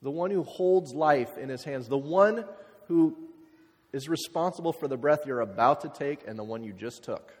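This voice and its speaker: A man preaching a sermon, talking casually with lots of fillers and sometimes dropping to quiet, reflective passages. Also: on the high side, normal speed, slightly rough. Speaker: pastor. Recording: hall reverb.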